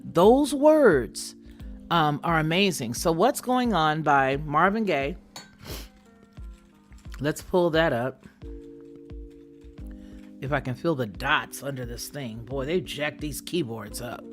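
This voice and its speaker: A woman's voice: low voice, lively intonation, slow pace, long pauses, faint music behind. A middle-aged woman hosting a casual live chat, thinking aloud and speaking directly to her viewers. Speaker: channel host.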